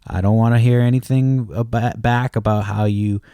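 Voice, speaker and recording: A man's voice: mid-range voice, fairly even intonation, normal speed, dark tone, clean tone, no echo, clean studio sound. A man in his thirties hosting a podcast, rambling casually with lots of cursing and laughing at his own stories. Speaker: podcast host.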